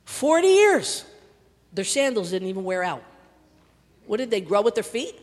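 An older woman preaching a sermon with passion, repeating words for emphasis and swinging from loud to hushed. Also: medium pitch, sing-song, normal speed. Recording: long reverb of a large hall.

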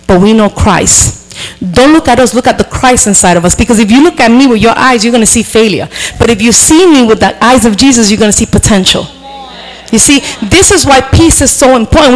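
A middle-aged woman pastor preaching a sermon, animated and emphatic, with frank asides to the congregation. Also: on the high side, poor audio.

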